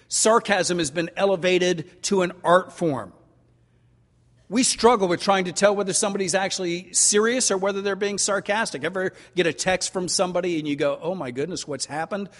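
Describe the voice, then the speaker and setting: An older man preaching a sermon as pastor, folksy and animated, stretching out key words for emphasis. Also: sits high, normal speed. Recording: long reverb of a large hall.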